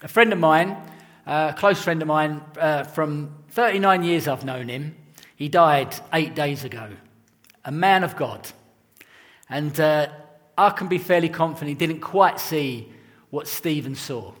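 A man's voice: on the high side, a little slow, fairly bright tone, in a large hall. A man preaching a sermon in an earnest, conversational way, mixing scripture with personal stories. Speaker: pastor.

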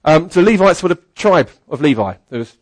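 A man's voice: a little high, animated, fairly quick, no room sound, low-quality recording. A man preaching a sermon, reading scripture aloud and breaking in with plain, casual explanations. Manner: reads scripture aloud and adds plain asides.

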